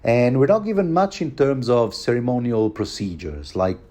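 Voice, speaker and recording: A man's voice: medium pitch, lively intonation, moderate pace, mellow. A man giving a rambling, informal solo commentary on a novel, full of asides and self-corrections. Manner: playful asides. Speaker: book commentary host.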